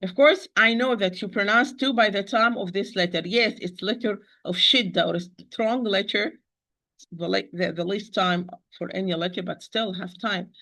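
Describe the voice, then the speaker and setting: A woman teaching Quran recitation in an online lesson, patiently repeating words slowly to demonstrate pronunciation. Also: medium pitch, bright, forceful tone, poor audio. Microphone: computer, teaching over a shared screen.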